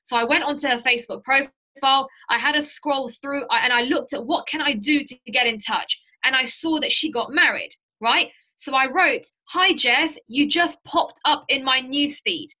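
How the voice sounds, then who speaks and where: A woman giving a sales training to a group, animated and direct, teaching through stories. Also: sits high, normal speed, hardly any pauses. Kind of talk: lively training talk to a group.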